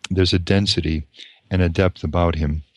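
A man gives a lecture that alternates between reading a novel and thoughtful, measured commentary, sometimes restarting sentences. His low, darkish voice keeps fairly even intonation, with no echo in the recording.

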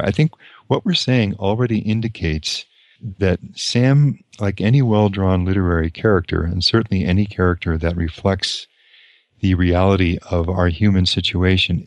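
Reading from a novel and reflecting on it, a man lectures at a measured pace, now and then starting a sentence over. He has a deep voice, recorded with no room sound.

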